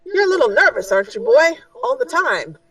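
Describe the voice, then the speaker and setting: A woman's voice: high voice, big pitch swings, slightly rough, no room sound, distant mic, voice pushed up, full character voice, poor audio. Woman voicing a kindly male scientist mentor. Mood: encouraging. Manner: gentle, reassuring, a little halting.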